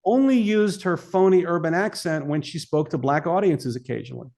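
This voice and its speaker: A man's voice: on the high side, brisk, vocal fry, darkish tone. A man speaking as a filmmaker guest in an interview, emphatic and argumentative. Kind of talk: interview talk.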